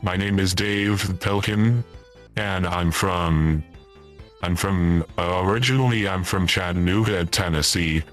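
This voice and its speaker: A man's voice: low voice, a little slow, a bit bright, soft background music. A man putting on the voice of a forgetful retired old man who rambles, stops and repeats himself. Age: older. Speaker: streamer in character. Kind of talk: comedic in-character livestream chat.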